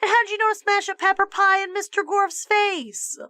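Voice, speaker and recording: A woman's voice: very high voice, fairly even intonation, moderate pace, bright, forceful tone, dry recording, studio quality, pitched above the performer's own voice. A woman voicing a schoolgirl who asks pointed questions. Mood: questioning.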